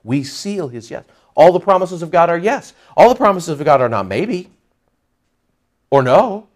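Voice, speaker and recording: A man preaching a sermon, lively and emphatic, asking the listeners rhetorical questions. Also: fairly high pitch, moderate pace. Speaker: pastor.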